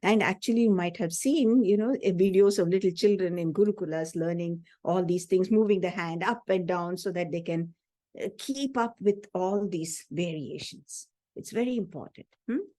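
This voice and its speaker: A woman's voice: lowish voice, moderate pace, mellow, no room sound. Earnest woman teaching chant. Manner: earnest, explanatory, checks in with "hmm?". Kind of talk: spiritual lecture on chanting.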